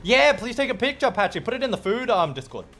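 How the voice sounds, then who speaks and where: A man's voice: extremely high pitch, sing-song, quick pace, a bit bright, faint music behind. A young man, a streamer, chatting casually and playfully with viewers while gaming. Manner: chatty and playful, reacts to chat. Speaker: streamer and host.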